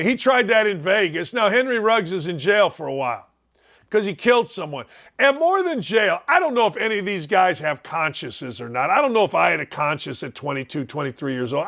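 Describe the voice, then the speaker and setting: A high-pitched older man hosts a sports talk show with a blunt, mocking edge. He jumps from loud jabs down to low, grumbling mutters. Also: very animated, moderate pace, gravelly. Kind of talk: opinionated sports talk rant.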